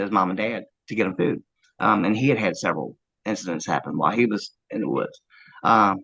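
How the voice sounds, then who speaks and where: A man earnestly recounting a first-hand encounter, halting often with fillers as he tells it. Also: on the low side, a bit bright, lo-fi sound. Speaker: eyewitness interviewee.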